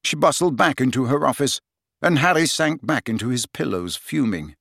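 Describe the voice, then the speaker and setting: A man narrating an audiobook with steady, expressive storytelling. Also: medium pitch, moderate pace, vocal fry, no room sound, clean studio sound. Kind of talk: scripted narration.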